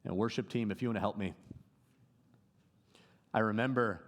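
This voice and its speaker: Earnest pastor preaching in a reverberant hall. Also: male voice, lowish voice, normal speed. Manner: earnest storytelling with rising exclamations. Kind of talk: sermon. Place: church sanctuary.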